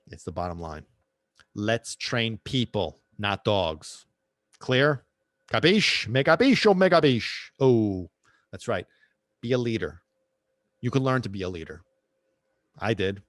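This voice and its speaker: His voice sits low, moving at normal speed with frequent pauses, captured with studio quality and no echo. As host of his own podcast, the dog trainer talks about his work with passion in a casual monologue, repeating points, preaching a bit and using Italian phrases.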